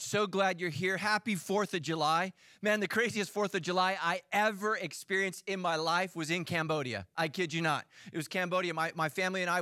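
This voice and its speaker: A middle-aged man, a lead pastor, preaching a sermon in a joking, animated, self-mocking way. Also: high-pitched, no echo, clean studio sound. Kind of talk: sermon with storytelling.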